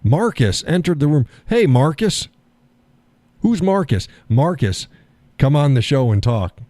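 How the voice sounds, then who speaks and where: Older male stream host, folksy and wry, mellow tone, dead-dry close sound. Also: a little high, sing-song, a little slow, no room sound. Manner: folksy, sardonic, chuckling often. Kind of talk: casual political chat.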